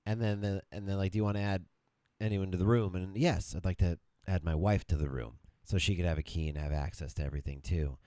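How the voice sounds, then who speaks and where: A man's voice: deep voice, steady tone, fast, dark tone, no room sound, clean studio sound. A man co-hosting a casual podcast with his wife, rambling and teasing as he jumps between topics. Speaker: podcast co-host. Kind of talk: casual couple's podcast banter.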